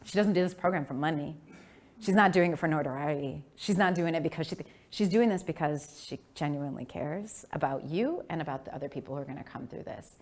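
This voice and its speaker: A woman in her thirties speaks as keynote speaker, relaxed and conversational. She tells stories with lively swings in pitch and acts out other people's lines. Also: fairly quick. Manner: animated, acts out family voices with big pitch jumps. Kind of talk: storytelling speech.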